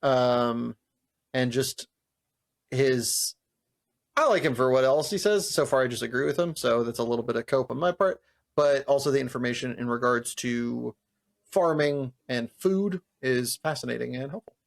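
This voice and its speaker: A man with a gravelly, fry-laden voice at a middling pitch, talking casually as a podcast co-host. He is relaxed and profane and laughs easily. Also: normal speed. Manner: laid-back, profane, laughs often. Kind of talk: casual chat.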